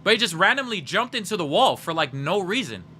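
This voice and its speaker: A young man hosting a livestream, chatting casually and teasing his viewers in a joking, animated way. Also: high-pitched, fairly quick, slight background noise. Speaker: livestream host.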